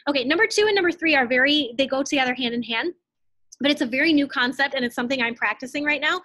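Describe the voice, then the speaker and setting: Young woman team coach, bright high register, blunt and breezy, dry webcam sound. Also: no echo. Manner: fast casual, many "like"s, blunt asides. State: out of breath. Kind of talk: live online team training.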